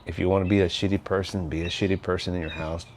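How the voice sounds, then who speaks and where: An older man with a very deep, low voice talks through a relaxed livestream outdoors by his house. He rambles easily and keeps checking in with a "right?". Birdsong can be heard faintly behind him. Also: rapid-fire, slight background noise. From Texas. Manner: rambling and laid-back, often tags on "right?". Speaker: livestream host. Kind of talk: casual livestream chat.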